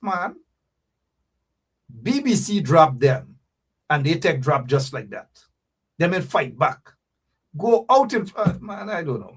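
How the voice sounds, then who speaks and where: A man hosts a livestream talk show. He speaks straight to his viewers in an animated, teasing way. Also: mid-range voice, gravelly, breathy edge.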